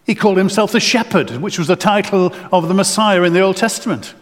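A man preaching a sermon in a church, his voice carrying a long echo through the space. He speaks earnestly and in a somewhat high register, often restarting phrases and repeating words as he works his way forward. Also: a little fast.

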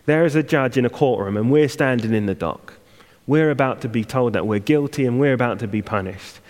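A man's voice: medium pitch, brisk, a little mellow. Man preaching in a reverberant church. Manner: conversational, self-deprecating asides. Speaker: guest preacher. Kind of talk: sermon. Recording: long reverb of a church hall.

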